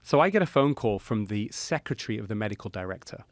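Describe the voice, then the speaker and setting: A middle-aged man, a cardiologist guest on a podcast, tells a story in an animated way, with many "you know" fillers. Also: fairly low pitch, quick pace, dry recording, clean studio sound.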